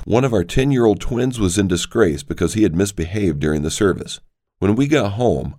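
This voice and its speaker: A man reading a daily devotional aloud in a measured, earnest storytelling manner. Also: deep voice, darkish tone. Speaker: devotional reader.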